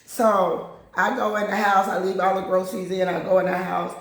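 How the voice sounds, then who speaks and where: A woman's voice: mid-range voice, steady tone, normal speed. A woman host telling a personal story in a candid, blunt, casual way, acting out what other people said. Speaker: channel host. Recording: very echoey room.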